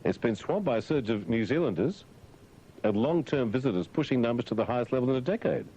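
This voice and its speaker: A breakfast radio host reads the news and mocks it with jokey asides and mumbled fillers, his voice expressive, quick, mellow, and slightly rough. The broadcast sounds dull and lo-fi with a faint rumble.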